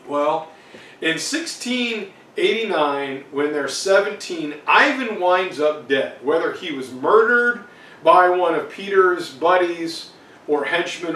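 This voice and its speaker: A man's voice: high-pitched, a bit bright. A man teaching an exam review lecture in a casual, digressive way with many fillers. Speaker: history teacher. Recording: roomy, distant mic, faint noise.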